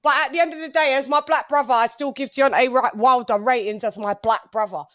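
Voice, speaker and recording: A high-pitched woman hosts a call-in sports show. She drives her points home, repeating them in street slang. Her voice sounds close and dry, with no room echo. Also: fairly quick, a bit bright. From England. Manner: emphatic, repeats herself for effect, slangy. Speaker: host.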